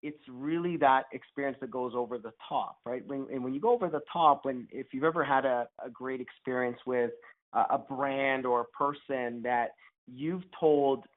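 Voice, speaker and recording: A man's voice: mid-range voice, moderate pace. A man, a startup founder as guest, answering interview questions over a call in a rambling way, often restarting his sentences. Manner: rambling with many restarts and fillers. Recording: tinny phone-line audio.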